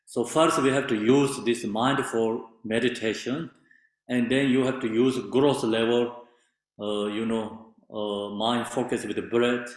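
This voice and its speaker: A man teaching meditation in halting non-native English with many fillers, explaining patiently. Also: mid-range voice, steady tone. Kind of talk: meditation instruction. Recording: very echoey room.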